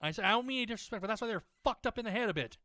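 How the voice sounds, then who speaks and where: Gaming host, male, bright and clear voice, sweary ranting style, dry close sound. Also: high-pitched, lively intonation, rapid-fire, no echo. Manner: rambling, many restarts and fillers. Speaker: gaming video creator. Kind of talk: casual chat over gameplay.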